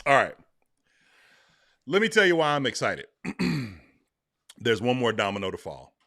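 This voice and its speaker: A man co-hosting a casual sports podcast, teasing and excitable in a playful way. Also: mid-range voice, a little slow, vocal fry, no echo. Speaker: podcast co-host.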